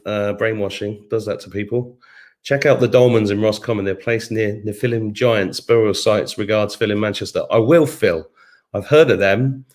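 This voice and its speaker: A middle-aged man hosting a casual live stream from his home kitchen, rambling and chatty as he reads out viewer comments and hums to himself between them. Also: lowish voice. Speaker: livestream host.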